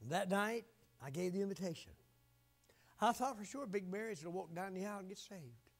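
An older male preacher delivers a fervent sermon in a high, gravelly voice. He swings from loud exhortation down to quiet, hushed asides. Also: animated, fairly quick. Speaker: pastor.

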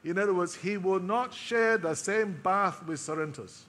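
A man preaching a sermon, telling a story with emotional pauses and dropping to a soft voice for quoted lines. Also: high voice, long reverb tail, a little hiss or hum. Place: church hall.

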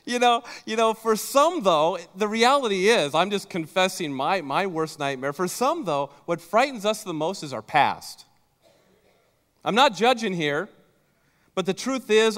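A man preaching a sermon, telling a story at his own expense in an animated way and speaking straight to the congregation. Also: high-pitched, smooth, long reverb tail. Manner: animated, self-deprecating storyteller who talks to the congregation. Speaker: pastor. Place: church sanctuary.

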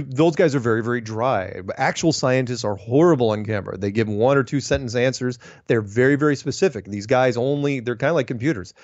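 A man's voice: mid-range voice, darkish tone, no echo. Chatty, opinionated man on a dull, dry recording. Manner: chatty, opinionated ranting with frequent restarts. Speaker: host answering viewer mail. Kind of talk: casual monologue, reading emails aloud.

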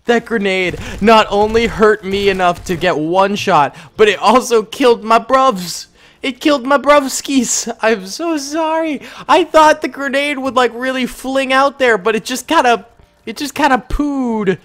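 A man giving jokey, excitable gameplay commentary, bursting into yelps and shouts. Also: very high voice, unhurried. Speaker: gaming YouTuber.

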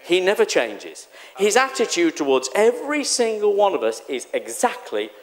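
Animated high-voiced preacher. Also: male voice, normal speed. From England. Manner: animated and exclamatory, acting out quoted voices. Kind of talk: sermon. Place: church hall.

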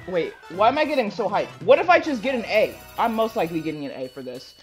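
A woman's voice: low-pitched, very animated, quick pace, hardly any pauses, over music. A young woman giving live commentary on her own racing game play, swearing, stammering and breaking into frustrated outbursts. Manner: stammering restarts. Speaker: gaming video creator.

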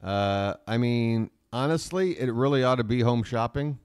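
A man's voice: mid-range voice, moderate pace, a little mellow, smooth, dry recording. A man talks casually to his live chat from his laptop at home, wandering from thought to thought and poking fun at himself. His voice sits in the middle range. The sound is close and dry, with no room around it. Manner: rambling, self-mocking, jokey asides to chat. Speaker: live stream host. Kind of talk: casual live stream chat, reading chat aloud.

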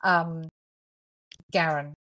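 A woman co-hosting a podcast in casual, animated chat, laughing often. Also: low voice, very slow, rough recording. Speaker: podcast co-host, medium.

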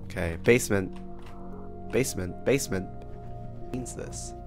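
A man chatting casually while playing a horror game with friends, excitable and jokey, calling out to the others. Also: on the low side, measured pace, gravelly, soft background music. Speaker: gamer. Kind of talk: casual gaming chat.

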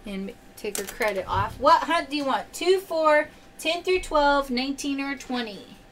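A woman's voice: high-pitched, expressive, a little slow, fairly bright tone, a little hiss or hum. A woman hosting a live-stream pearl sale, opening oysters and cheerfully calling out prizes and pearl sizes to viewers. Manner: upbeat, cheery, calls out prizes. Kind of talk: live-stream selling chat.

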